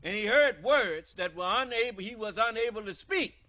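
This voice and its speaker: A man's voice: sits high, expressive, moderate pace, pushed and bright. An American man preaching a scripture-teaching sermon, emphatic and quizzing his listeners with questions.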